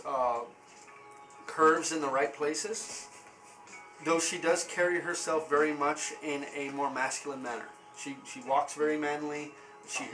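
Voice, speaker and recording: A man narrating as game master for a tabletop game, halting and full of fillers. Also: on the high side, a bit bright, low-quality recording.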